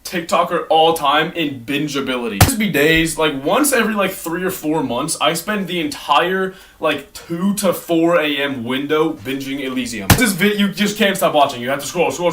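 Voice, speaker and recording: A man chatting casually in a rambling monologue, full of "like" and restarts as he ranks his favorite creators. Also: on the high side. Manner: fast, rambling, heavy use of "like", self-corrections. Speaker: vlogger ranking online creators. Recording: distant mic with clear background noise and clicks.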